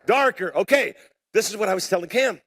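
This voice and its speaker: A man preaching a sermon to a congregation, telling a story in an animated, conversational way with self-deprecating humor and calling out for responses. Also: high-pitched, brisk. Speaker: pastor. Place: church sanctuary before a live congregation.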